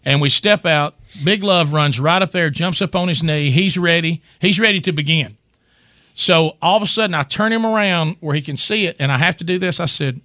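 On his radio show, a middle-aged host spins a lengthy family tale, full of restarts and animated delivery in a casual, chatty way. His pitch is fairly high, his pace fairly quick, and there is no echo.

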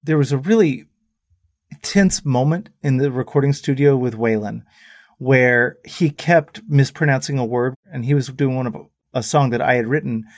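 A man's voice: medium pitch, normal speed, no room sound, studio quality. A middle-aged man, a musician guest, telling anecdotes in casual chat and often laughing as he talks. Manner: animated storyteller who laughs often.

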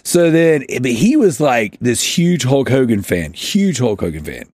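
A man's voice: medium pitch, big pitch swings, a little slow, no room sound. A man hosting a podcast, rambling through a funny story and laughing as he goes. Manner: rambling, laughing, acts out shouted quotes. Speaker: podcast host. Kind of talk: casual storytelling chat.

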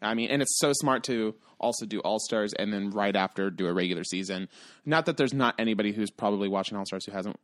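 A man co-hosting a podcast in casual chat, talking in quick asides and swearing freely. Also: on the low side, a bit bright, dry recording, clean studio sound. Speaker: podcast co-host.

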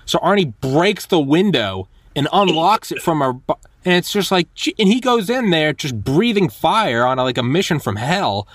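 A man hosting a podcast, telling stories in a lively, animated way and acting out quotes. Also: a little high, moderate pace, dry recording, clean studio sound. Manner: animated storyteller, acts out quotes, many restarts. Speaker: podcast host. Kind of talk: casual conversation.

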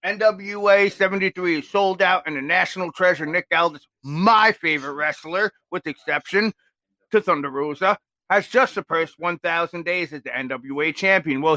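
A man hosts a casual live watch-along, talking in a rambling, excitable way full of fillers. His voice sits high and sounds bright and forceful. The sound is dry, with no room echo. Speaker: podcast host.

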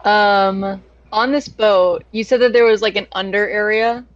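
A woman's voice: medium pitch, fairly even intonation, a little slow, lo-fi sound, slight background noise. A woman playing a tabletop game, chatting with some hesitation. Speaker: player. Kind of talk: casual tabletop game chat.

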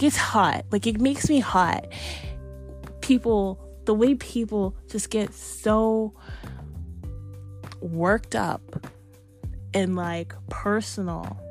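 A woman's voice: mid-range voice, darkish tone. Woman, heated profane vlog rant, exasperated and emphatic, faint music bed. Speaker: vlogger.

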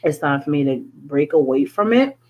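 A woman from Connecticut, a guest in a casual chat, telling stories in an animated way and acting out what people said. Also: low-pitched, moderate pace, slight background noise, low-quality recording. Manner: animated storyteller who acts out quotes.

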